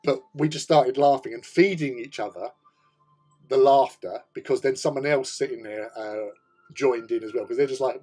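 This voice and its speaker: A British man with a husky, slightly breathy voice and a mid-range pitch, chatting casually as a hobby host. He rambles through a story, swearing freely and laughing often, with faint music behind him. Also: mellow.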